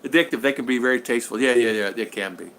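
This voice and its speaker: An older man from Utah hosts a livestream from his home in the Philippines, chatting casually and responding to viewer comments in an upbeat, meandering way. He talks fast, with a medium-pitched, slightly bright voice.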